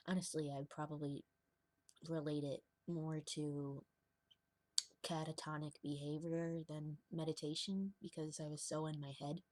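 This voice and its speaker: In a rambling, confessional vlog, a young woman with a deep, darkish voice delivers a casual monologue, laughing often and dropping into whispers. There is no echo on the recording.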